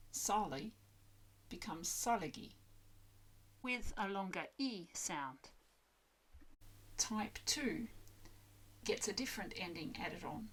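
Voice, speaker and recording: A woman's voice: fairly low pitch, fairly bright tone, slight background noise. A woman explaining grammar to learners in a patient, methodical way, spelling words out letter by letter. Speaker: language-learning video creator.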